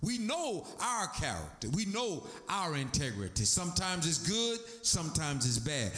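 Male pastor, emphatic sermon delivery, lively swooping pitch, slightly high voice, echoey church. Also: measured pace. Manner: emphatic preaching with sweeping pitch swings. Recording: echoey room.

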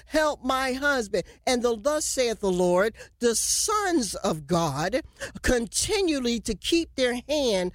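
A woman's voice: fairly high pitch, no room sound, studio quality. A woman preaching a fervent prophetic sermon, declaiming messages in the voice of the Lord.

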